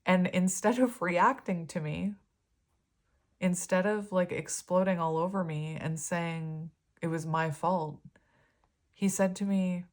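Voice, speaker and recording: A chatty woman giving a tarot reading straight to camera. Her voice sits a little low for a woman, and she rambles through her thoughts with fillers and small laughs. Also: takes it slowly. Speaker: tarot reader.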